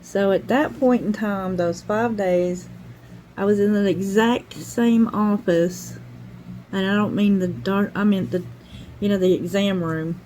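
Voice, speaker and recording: A woman's voice: medium pitch, steady tone, measured pace, a little mellow, slight background noise, poor audio. An older woman hosting a craft channel, chatting at home and telling a heartfelt story that wanders from one detail to the next. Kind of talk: casual chat while crafting.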